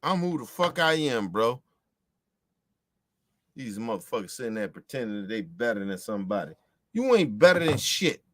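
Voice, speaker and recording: A man's voice: medium pitch, very animated, normal speed, long pauses, fairly bright tone, no room sound. A man from the United States delivering a heated, profane, repetitive ranting monologue as a show host.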